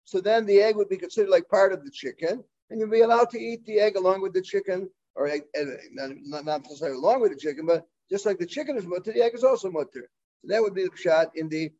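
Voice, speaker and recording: High-voiced man teaching a Talmud class. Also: mellow, highs cut off. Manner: halting, full of fillers and restarts, mixing Hebrew and Aramaic terms.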